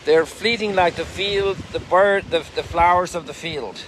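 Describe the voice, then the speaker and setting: A man, a Catholic priest, gives a reflective spiritual talk while strolling outdoors. He exclaims in wonder and reads scripture slowly and emphatically. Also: high-pitched, background noise. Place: outdoors by a lakeshore at sunrise.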